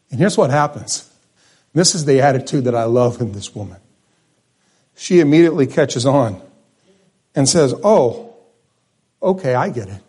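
Husky-voiced man preaching a sermon. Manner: swings between loud declarations and hushed low phrases. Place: church service.

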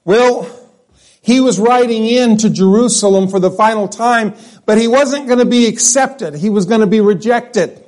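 A man's voice: sits high, normal speed, a little mellow. A man preaching a sermon in a church, leading a prayer and then teaching in a conversational way, restarting phrases and putting questions to the congregation. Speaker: pastor. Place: church sanctuary.

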